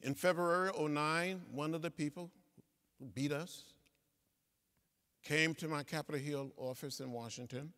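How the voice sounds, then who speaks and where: A man's voice: fairly high pitch, normal speed, long pauses, a bit bright. A man in his seventies giving a speech to students in a large lecture hall, with a preacherly cadence and repeated phrases. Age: 70s. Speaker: guest speaker. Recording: reverberant hall sound.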